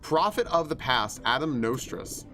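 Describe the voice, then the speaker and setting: A man streams a video game with game music in the background, chatting casually and thinking out loud with plenty of fillers. His medium-pitched voice is sing-song and sharp in tone, and he talks a little slowly.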